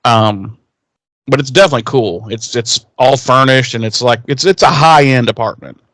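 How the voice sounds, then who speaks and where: A man's voice: medium pitch, moderate pace, fairly bright tone, no room sound. Man, podcast co-host, loose rambling recap with lots of fillers and some swearing; dry, close mic. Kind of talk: casual episode recap.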